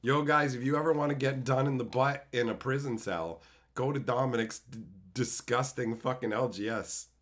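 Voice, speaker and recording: A man's voice: mid-range voice, moderate pace. A man streaming casually, chatting with his live viewers in a rowdy, swearing way, laughing often and calling them bro and son. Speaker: streamer reading live chat. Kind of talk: casual profane stream chat.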